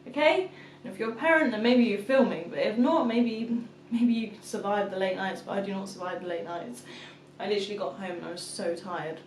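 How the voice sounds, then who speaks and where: Young mum vlogger, casual chatty storyteller, recorded in an echoey room. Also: female voice, medium pitch, fairly quick, a little hiss or hum. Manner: chatty storyteller, acts out her toddler's shouts. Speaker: vlogger, mother of two. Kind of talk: casual chat to camera. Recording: echoey room, mic at a distance.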